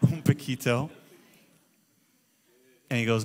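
A middle-aged man preaching a sermon as pastor, moving between loud exclamations and hushed storytelling. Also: fairly high pitch, lively intonation, moderate pace. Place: church auditorium.

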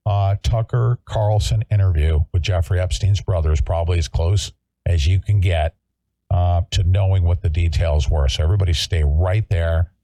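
A man's voice: deep voice, fairly even intonation, moderate pace, warm tone, no echo. A man hosting a political talk show, speaking emphatically and repeating himself to rally his listeners.

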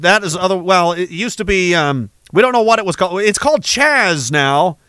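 A man's voice: high-pitched, lively intonation, brisk, few pauses, bright, forceful tone, clean tone, dry recording. A man hosting a livestream, reading chat messages aloud in a rambling, profane, sarcastic way.

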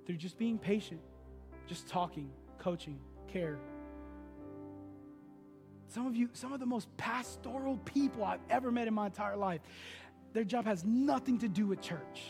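A man's voice: high voice, unhurried, creaky, pauses often, in a large hall, soft background music. A man preaching a sermon as pastor, telling stories in a loose, conversational way. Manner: conversational storytelling preaching, animated.

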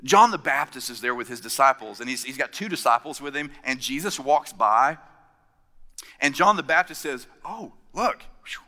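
A man preaching a sermon, telling stories and acting out the quotes, dropping from loud to hushed. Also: mid-range voice, expressive, normal speed, long reverb tail. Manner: storytelling with acted-out quotes, swinging from loud to hushed. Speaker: pastor.

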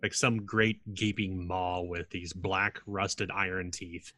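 A man narrates as game master of a tabletop game. His voice sits a little low, and it is recorded dry and close. He builds each scene slowly, with plenty of ums and restarts. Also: little pitch movement, pushed and bright, dry recording. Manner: descriptive, halting with many fillers.

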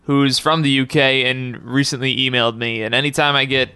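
A young man hosts a casual podcast chat, rambling through stories and breaking into laughter. His voice is bright and smooth, recorded close and dry. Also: medium pitch, fairly even intonation, no room sound. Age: young adult. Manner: rambling, laughs often, quick quotes. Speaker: podcast host.

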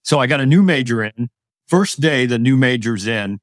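A man's voice: medium pitch, lively intonation, normal speed, no echo, clean studio sound. A man in his sixties, a retired army officer, telling leadership stories as a guest in an interview in a plainspoken, firm way. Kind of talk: interview storytelling.

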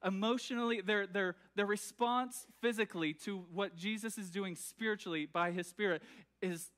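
A pastor preaches in a church with a notably high voice for a man. He talks loosely and conversationally, full of fillers and restarts, often checking that the congregation is following along. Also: fairly even intonation, moderate pace, a bit bright. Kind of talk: sermon. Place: church sanctuary.

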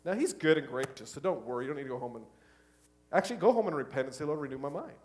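A middle-aged man preaching a sermon, switching between loud exhortation and quiet, hushed asides. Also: fairly high pitch, sing-song, very fast. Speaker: pastor.

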